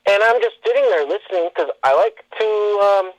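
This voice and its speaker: A man's voice: sits high, animated, normal speed, no echo. A man speaks as a guest on a talk show and tells stories from his life. He wanders and restarts with lots of fillers. The sound is close and dry, with a slightly dull, lo-fi tone. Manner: rambling, with many fillers and restarts. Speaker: podcast guest. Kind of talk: casual interview storytelling.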